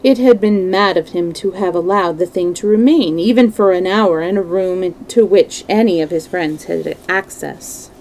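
A woman's voice: lowish voice, moderate pace, few pauses, darkish tone, slight background noise, poor audio. A woman reading a classic novel aloud to a live stream, giving the characters' dialogue a light touch of acting. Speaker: storyteller.

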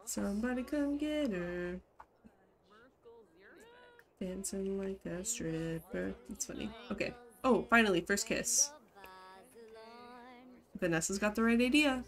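A woman's voice: medium pitch, expressive, takes it slowly, long pauses. A woman streamer giving casual live commentary on a life-simulation game, bursting into laughter and scolding her game characters.

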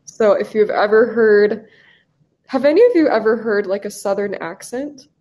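A woman's voice: medium pitch, normal speed, darkish tone, highs cut off. Upbeat young woman teaching online. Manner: upbeat, encouraging, casual with fillers. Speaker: English teacher. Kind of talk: live online class. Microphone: video call.

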